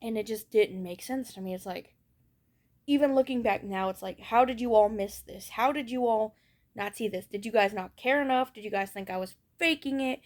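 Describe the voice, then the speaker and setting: Young woman ranting on her vlog, higher voice, blunt, swears a lot, keeps going in circles. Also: moderate pace. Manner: raw, blunt and swearing, circling back over her thoughts. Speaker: vlogger. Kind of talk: candid personal monologue.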